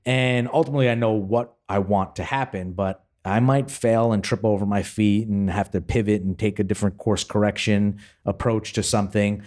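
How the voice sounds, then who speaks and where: A joking man with a low voice hosts a casual interview. He winds his way through long, rambling questions between quips. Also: fairly even intonation, moderate pace, hardly any pauses, darkish tone. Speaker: podcast host.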